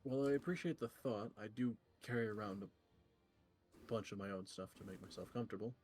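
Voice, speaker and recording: Polite man with a lowish voice. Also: moderate pace, a little mellow. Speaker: tabletop game player. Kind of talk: casual tabletop game chat.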